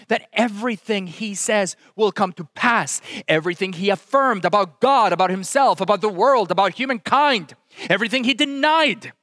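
A man preaching a sermon, swinging from loud exclamations to hushed, intense asides. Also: high-pitched, no room sound, studio quality. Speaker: pastor.

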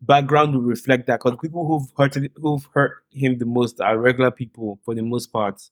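A man's voice: medium pitch, fairly even intonation, normal speed, dry recording. A man co-hosting a casual podcast, earnest and emotional, sighing as he talks. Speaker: podcast co-host. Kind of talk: casual chat.

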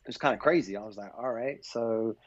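A man's voice: fairly low pitch, fairly quick, dry recording. Man telling a story, dry and dull sound. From England. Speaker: podcast guest, basketball coach. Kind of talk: casual storytelling in an interview. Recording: slightly dull, lo-fi podcast audio.

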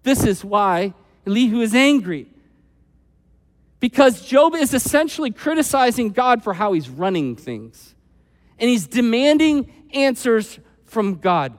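High-voiced preacher in a reverberant hall. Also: male voice, a little slow. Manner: animated, acts out quoted voices; conversational, with frequent "like" asides. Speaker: pastor. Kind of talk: sermon.

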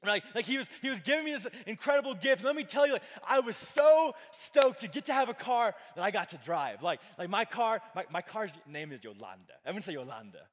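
A man's voice: high voice, big pitch swings, brisk, few pauses. A young man giving a casual youth sermon, chatty, full of fillers and joking with the crowd. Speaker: youth pastor. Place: church hall with a live audience. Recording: long hall reverb.

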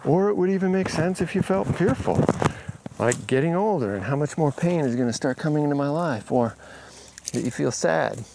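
A man casually recounting a conversation with someone he helped, in a relaxed storytelling way, speaking outdoors on a rural property. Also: a little high, normal speed, vocal fry, noisy background. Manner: relaxed, retells conversations with quoted dialogue. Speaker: healing coach.

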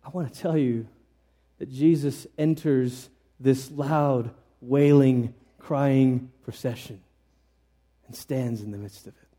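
A man preaching a conversational sermon in an earnest manner, often restarting his sentences and swinging suddenly between soft and emphatic. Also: medium pitch, fairly even intonation, slow.

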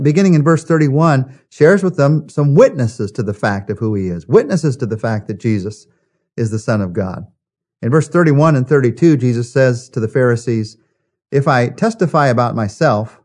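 A man in the middle of a daily Bible study, reading a passage and then unpacking it. His voice sits at an ordinary pitch for a man, and he leans into key points with earnest emphasis. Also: darkish tone. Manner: earnest, emphatic, quoting and explaining scripture. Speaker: Bible teacher. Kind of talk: devotional Bible study talk.

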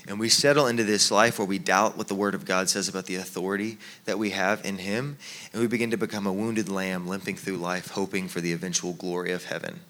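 A young man in his late twenties preaches to a congregation in a loose, chatty way, poking fun at himself and stumbling over repeated words. His voice is bright and forceful, sitting at an ordinary pitch for a man. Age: 20s. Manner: conversational and self-deprecating, with frequent repeated "and, and". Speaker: pastor. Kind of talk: sermon.

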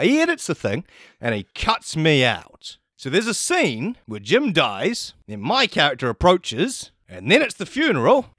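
A man's voice: high voice, no echo, clean studio sound. A man hosting a comedy podcast, telling a rambling comic story full of swearing. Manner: profane, rambling, animated.

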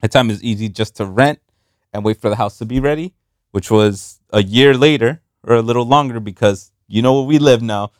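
A man's voice: medium pitch, brisk, dry recording, studio quality. A man in his thirties from New York, co-hosting a casual chat over beers, telling stories with frequent laughs and a few Spanish words. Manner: animated storytelling, laughs often, mixes in Spanish words. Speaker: podcast co-host.

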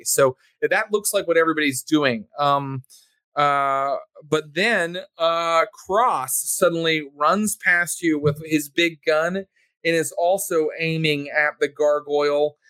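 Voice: mid-range voice, a bit bright, no room sound. A game master narrating a tabletop game in a loose, rambling way, full of ums and likes. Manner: rambling, many ums and likes, laughs often.

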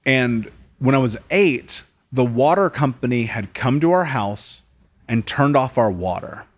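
A man's voice: mid-range voice, expressive, unhurried. A man from the United States in his late thirties, a podcast guest telling his story bluntly in casual interview talk, swearing often and calling people dude.

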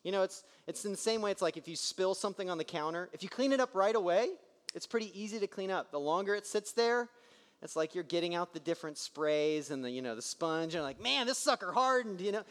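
A man's voice: sits high, fast, big-room sound. A man in his thirties preaching a sermon, telling family stories and acting out the voices of the people in them. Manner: animated storytelling, acts out quoted voices. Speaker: pastor.

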